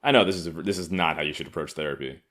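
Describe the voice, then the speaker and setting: A man's voice: a bass voice, racing, a bit bright. A man in his thirties from Harlem, hosting a solo comedy podcast with sardonic, profane riffing. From Harlem, New York. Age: 30s. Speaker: podcast host.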